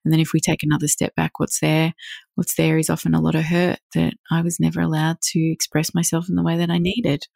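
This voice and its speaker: A woman with a deep voice and a gravelly edge talks through parenting ideas in an interview. She is reflective and builds each point from long everyday examples. The sound is close and dry. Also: monotone, brisk, darkish tone, dry recording. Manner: acts out quoted thoughts in her own voice. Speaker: parenting coach. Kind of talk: podcast interview.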